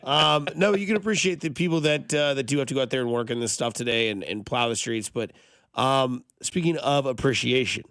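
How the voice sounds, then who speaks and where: A man co-hosting a morning sports radio show, telling rambling stories quickly and excitedly. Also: mid-range voice, smooth, dry recording. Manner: fast, excitable, rambling storyteller. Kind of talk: casual sports radio chat.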